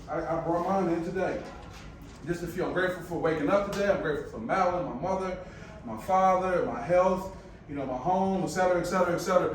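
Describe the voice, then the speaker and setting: A man with a Michigan accent giving a motivational talk to a live audience, telling stories in a conversational, animated way with asides to the crowd. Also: fairly high pitch, a little hiss or hum. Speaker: speaker presenting to a live audience. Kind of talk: motivational presentation. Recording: echoey room, voice from far off.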